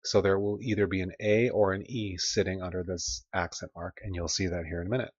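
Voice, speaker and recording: A man's voice: low voice, fairly even intonation, a little fast, no echo, dull audio. A man teaching a recorded grammar lesson, patiently modeling words for listeners to repeat. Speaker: Spanish teacher.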